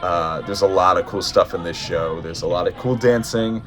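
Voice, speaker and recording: A young man talks casually in a deep, low voice, filling his sentences with ums and restarts. He sounds worn out. Faint music plays under his chatty vlog talk. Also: normal speed. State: tired. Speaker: musical theatre performer.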